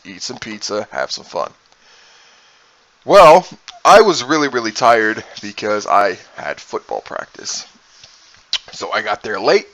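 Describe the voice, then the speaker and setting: A man's voice: lowish voice, lo-fi sound. A man in his twenties, a streamer, telling crude stories casually and with lots of swearing, often laughing at himself. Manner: animated, profane, laughing at his own tale. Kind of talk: casual storytelling.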